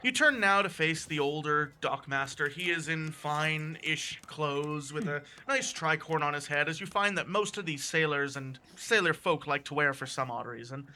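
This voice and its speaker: A man's voice: fairly high pitch, lively intonation, normal speed, few pauses, pushed and bright, slight background noise. A man narrating as game master of a tabletop game, describing scenes and correcting himself as he goes. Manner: descriptive with frequent self-corrections.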